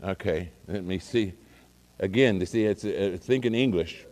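A man's voice: low-pitched, moderate pace, darkish tone. A man preaching, telling a rambling folksy story with many fillers and restarts. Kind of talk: casual sermon anecdote. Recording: long hall reverb.

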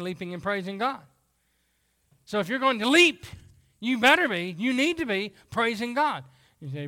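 High, bright-voiced preacher. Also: male voice, moderate pace. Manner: folksy, animated preaching with dramatized voices. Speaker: pastor. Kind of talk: sermon.

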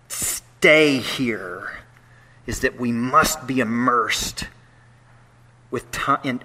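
Man preaching, bright tone, hushed then loud, playful asides. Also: mid-range voice. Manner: dynamic preaching, swings from soft hushed lines to loud animated ones. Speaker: pastor. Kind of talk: sermon.

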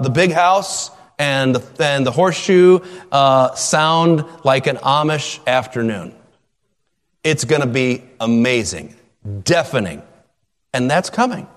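Emphatic preacher, male, slightly high-pitched, swings from shouts to hushed asides, long reverb. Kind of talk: expository sermon.

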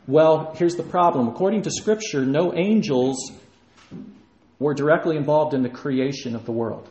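A man's voice: fairly high pitch, normal speed, darkish tone. A man preaching a sermon, emphatic and rising in force when he quotes scripture. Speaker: pastor. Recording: echoey room.

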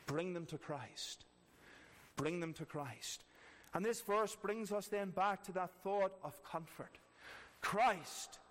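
A man's voice: sits high, a bit bright. A man preaching a sermon earnestly, repeating key phrases for emphasis. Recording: long reverb of a large hall.

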